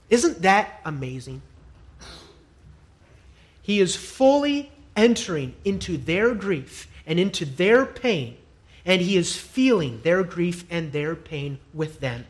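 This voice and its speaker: A male pastor preaching a sermon, emphatic and repetitive, dropping to a hush and rising to loud declarations. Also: high voice, big pitch swings, takes it slowly. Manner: emphatic, swings from hushed to loud; repeats phrases for emphasis.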